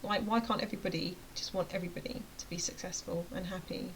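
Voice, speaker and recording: A woman's voice: lowish voice, fairly even intonation, quick pace, a little hiss or hum, low-quality recording. A woman running a motivational rant to camera, chatty and emphatic, sometimes dropping to a near-whisper. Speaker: vlogger and web design coach.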